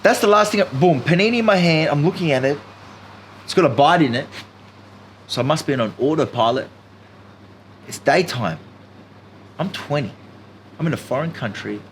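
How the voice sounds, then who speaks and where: Animated storytelling man, noisy background. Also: a little high, normal speed, long pauses. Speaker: podcast guest. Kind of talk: casual storytelling chat.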